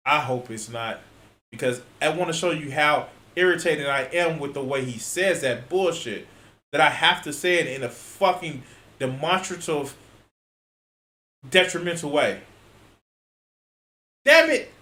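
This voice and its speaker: A man's voice: a little high, measured pace, sharp tone. A man reacting to a video with exasperated, profanity-laced, sarcastic commentary. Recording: echoey room.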